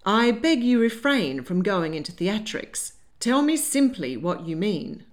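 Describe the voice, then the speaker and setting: A woman's voice: medium pitch, big pitch swings, a little slow. A woman voicing a poised, worldly older grandmother who stays dry and unflappable. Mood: amused. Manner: cool, dry, amused.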